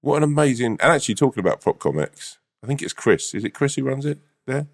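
A man's voice: medium pitch, big pitch swings, fast talker. A man, a comedian co-hosting a podcast, in laid-back casual chat with laughs and swearing.

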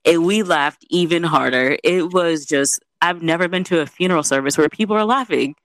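Young adult woman, lively casual storyteller, dry untreated sound. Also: fairly low pitch, moderate pace, dry recording. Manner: animated, chatty, peppered with "you know".

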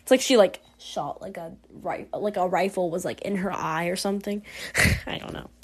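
A woman's voice: fairly low pitch, moderate pace, breathy edge. A woman playing a story game and chatting through it in a giggly, casual way, reacting aloud to every choice. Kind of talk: casual let's-play commentary.

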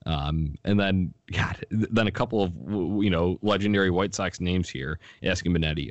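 Casting: very low-voiced male host, dry close sound, lively recap, frequent laughter. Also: normal speed, few pauses, no echo. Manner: animated, laughing, quoting others in lively bursts. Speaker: sports podcast host. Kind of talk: casual sports chat.

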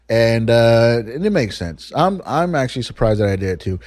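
A man's voice: medium pitch, big pitch swings, normal speed, hardly any pauses, a little mellow, no room sound, clean studio sound. A man hosting a solo podcast, talking in a rambling, candid way and swearing freely. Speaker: podcast host. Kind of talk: casual solo podcast monologue.

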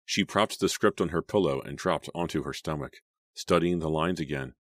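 A man reading a horror audiobook in a steady, suspenseful narration. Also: rumbling low, moderate pace, no room sound, studio quality.

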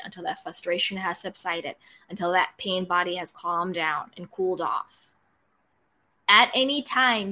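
Earnest woman with a bright voice. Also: mid-range voice. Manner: earnest, direct, repetitive coaching phrases. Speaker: self-help speaker. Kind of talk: motivational self-help talk.

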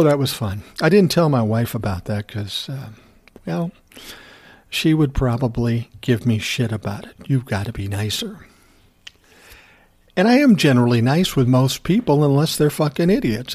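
Addressing his listeners directly, a commentary host delivers a loose, ranting monologue full of sarcasm and profanity as he tells his story. His voice is an ordinary male middle pitch with a darkish tone, big pitch swings, and a moderate pace.

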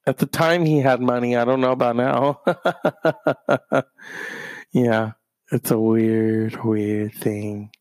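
A man's voice: mid-range voice, steady tone, slow pace, pauses often, a little mellow, dry recording. A young man telling rambling comic stories, meandering and full of wry asides that trail off and restart. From half Mexican.

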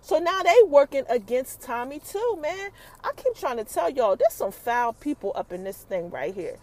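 A woman hosting a casual TV episode recap, telling the story with lively energy and talking straight to her listeners. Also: high voice, normal speed. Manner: animated storytelling, acts out characters' quotes, addresses listeners as y'all. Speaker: TV recap host.

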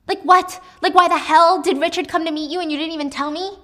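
A woman voicing a spoiled rich news anchor who yells and demands answers. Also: high-pitched, lively intonation, brisk, voice pushed up. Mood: furious. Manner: shouting, angry, demanding.

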